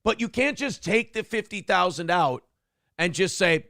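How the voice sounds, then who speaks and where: This is a man hosting a morning talk show who rants and swears as he talks. His voice sits high for a man and has a gravelly edge. The room sound is dry. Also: animated, normal speed, bright, forceful tone, no echo. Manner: profane, ranting. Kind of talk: casual talk show banter.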